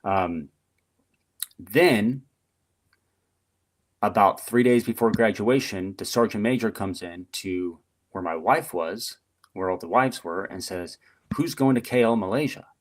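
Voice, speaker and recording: A middle-aged man, a retired Marine guest on a podcast, telling stories in a chatty, animated way with lots of fillers. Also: sits low, slow, long pauses. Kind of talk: casual storytelling interview.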